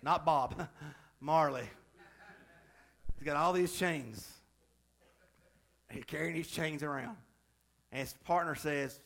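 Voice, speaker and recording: A man's voice: on the high side, slow, long pauses, a bit bright. A male pastor delivering a sermon, moving from chatty, joking asides to fervent, emphatic preaching.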